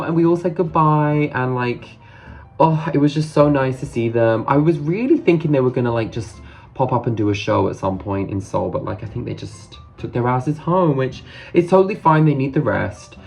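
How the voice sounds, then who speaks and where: A man recounts his day straight to camera in a loose, casual vlog. He talks in a chatty, gushing way and tosses in casual swears. His voice sits at a middling pitch with a gravelly edge. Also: expressive, normal speed, a little mellow, soft background music. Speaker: vlogger.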